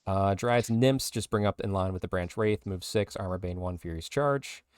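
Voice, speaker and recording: A man's voice: deep voice, normal speed, darkish tone, smooth, no room sound, studio quality. A man co-hosting a casual podcast, rattling through lists of game rule changes. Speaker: podcast co-host. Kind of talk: casual podcast chat reading rules updates.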